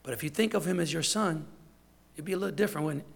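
Gravelly-voiced man preaching. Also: on the high side, quick pace. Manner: emphatic, repetitive, conversational preaching. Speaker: deacon. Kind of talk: sermon.

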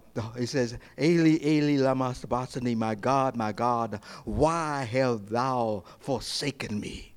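A man preaching a sermon as pastor, passionate, repeating phrases for emphasis and swinging between loud peaks and quiet asides. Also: medium pitch.

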